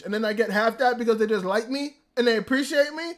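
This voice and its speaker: A man reviewing anime in a casual, excitable rant, swearing freely. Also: extremely high pitch, fast, few pauses. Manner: excitable, profane ranting. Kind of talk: casual commentary. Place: indoors, a room.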